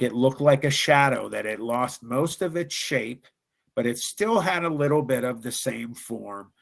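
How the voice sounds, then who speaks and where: A man's voice: mid-range voice, vocal fry, a bit bright. A man from Ohio, a guest on a live show, telling a true ghost story in an earnest, dramatic way with frequent restarts.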